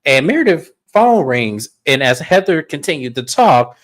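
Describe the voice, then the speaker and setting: A man's voice: fairly high pitch, normal speed. Man casually recapping a reality show. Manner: animated storytelling, acts out quotes. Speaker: co-host.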